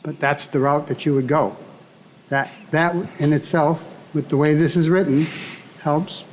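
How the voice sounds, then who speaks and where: Man, legislator, measured, explanatory, long room reverb, faint background hiss. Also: a little high, fairly even intonation. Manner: measured, explains by everyday examples. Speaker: bill author, state legislator. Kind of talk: committee hearing testimony.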